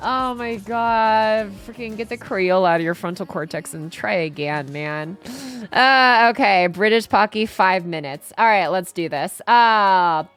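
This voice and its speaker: A woman with a Southern US twang, talking casually on a game stream. She rambles and swears offhandedly at a middling pitch, with faint music underneath. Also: a little slow, a bit bright, smooth. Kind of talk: casual livestream chat.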